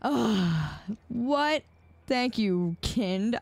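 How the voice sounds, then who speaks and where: Slow, teasing, giggly woman streamer. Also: on the low side, animated. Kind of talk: casual game stream chatter.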